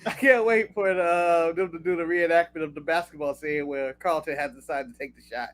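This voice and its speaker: A high-pitched American man talks wrestling in a loose, blunt podcast chat. He swears freely and chuckles at his own jokes. The sound is dry and close. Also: steady tone, brisk, fairly bright tone, no echo. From United States. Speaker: podcast co-host.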